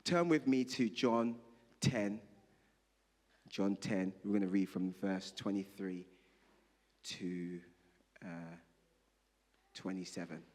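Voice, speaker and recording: A man's voice: deep voice, slow pace, pauses often, a little mellow. Emphatic male pastor in a reverberant church. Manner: emphatic, call-and-response preaching. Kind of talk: sermon. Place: church hall.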